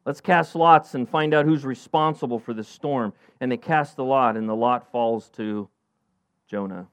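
A middle-aged man preaching a sermon as pastor, animated, acting out Bible characters in a raised voice. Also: normal speed, clear, resonant tone, dry recording. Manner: animated, acts out Bible characters with rising pitch.

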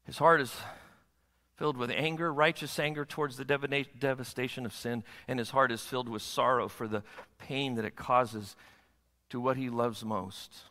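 A man's voice: medium pitch, fairly even intonation, moderate pace, bright, forceful tone. A pastor preaching a sermon to his congregation, often asking them rhetorical questions. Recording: long hall reverb.

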